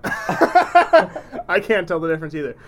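A man's voice: high voice, big pitch swings, unhurried, slight background noise. A man co-hosting a casual chat show, teasing and chatty. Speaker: podcast co-host.

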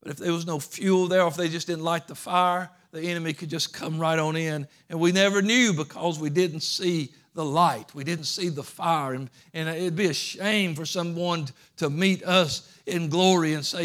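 A man's voice: fairly high pitch, normal speed, a bit bright. A middle-aged man with a Georgia Southern accent preaching a sermon in an earnest, folksy way, often repeating words.

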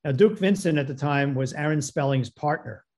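A man with a slightly higher-than-usual voice tells a story as a guest. He is a film producer and director. He acts out phone calls with a lively back-and-forth, switching between the voices as he goes. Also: moderate pace. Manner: animated retelling that acts out both sides of phone calls. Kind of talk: storytelling anecdote.

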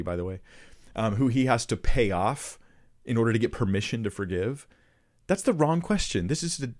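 Low-voiced man giving earnest commentary. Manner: earnest, rhetorical questions, quick restarts. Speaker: Christian commentator. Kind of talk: casual commentary on played clips.

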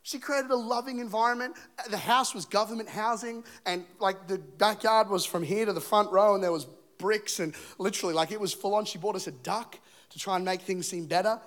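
A man in his thirties from England preaching a sermon as a lively, joking story, acting out scenes and voices. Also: sits high, a little fast. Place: church stage.

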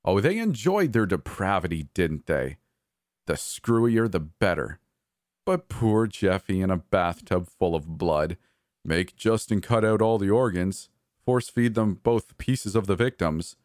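A man voicing a manic, cruel adult brother who taunts and mocks, breaking into yells. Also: sits low, lively intonation, a little slow, no echo, studio quality. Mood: mocking. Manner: taunting, mocking, erratic shifts into yelling.

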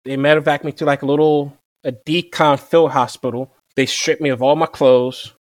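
A young man who served as a Marine, telling his story in a relaxed, conversational way and quoting people with "I'm like.". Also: on the high side, normal speed, no echo, studio quality. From Virginia. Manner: relaxed, repeats "I'm like" to quote himself. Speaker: interview guest, former Marine machine gunner.

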